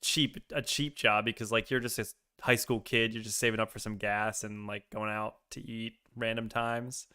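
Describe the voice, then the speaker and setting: A young man co-hosting a podcast in relaxed casual chat, full of "like" and laughing as he talks. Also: fairly low pitch, moderate pace, hardly any pauses, smooth. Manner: relaxed, filler-heavy, laughs while talking. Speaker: podcast co-host.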